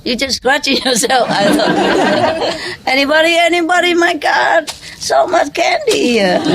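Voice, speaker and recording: Woman spiritual teacher, unhurried delivery, chuckles a lot, quizzes the room. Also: high voice, sing-song, a loud crowd, heavy background noise. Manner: chuckling often, quizzing listeners, in loose conversational English. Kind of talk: informal teaching talk to an audience.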